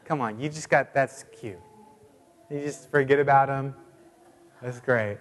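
A man preaching a sermon in a casual, chatty way with many fillers, now and then putting on high squeaky voices for quotes. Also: expressive, a little fast, fairly bright tone, in a large hall. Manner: puts on high squeaky voices when quoting people. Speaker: pastor.

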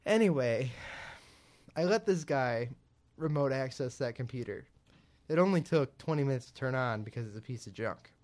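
A man's voice: medium pitch, animated, normal speed, a little mellow. A young man co-hosting a casual talk show, telling a story and acting out both sides of a phone call. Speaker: podcast co-host.

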